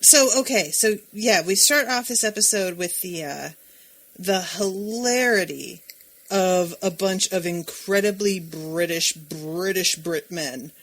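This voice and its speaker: A woman's voice: fairly low pitch, slow. A woman co-hosting a casual podcast, sardonic and exasperated, swearing freely. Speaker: podcast co-host. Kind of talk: casual chat.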